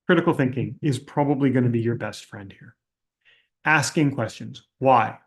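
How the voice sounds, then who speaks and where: A man with a mid-range voice speaks at a moderate pace while hosting a casual Q&A livestream, answering audience questions. He's blunt and skeptical, thinking aloud and frequently restarting his sentences.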